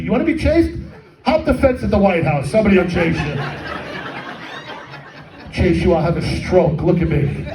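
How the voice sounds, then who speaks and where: A man's voice: high voice, noisy background. A middle-aged man doing a stand-up comedy set, with crude, rambling, self-mocking crowd work. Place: comedy fundraiser hall with live audience. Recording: echoey hall with audience, mic at a distance.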